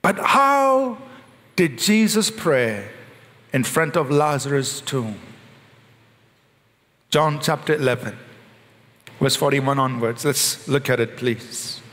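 A male pastor preaching a sermon in an animated way, slowing down and rising in pitch when he recites prayers. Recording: long hall reverb.

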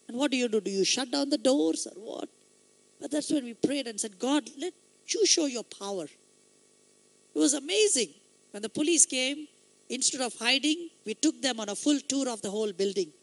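A man with a light, high voice often taken for a woman's, preaching a sermon with emphatic storytelling that swells into loud exhortation. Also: expressive, a little fast, creaky, no echo.

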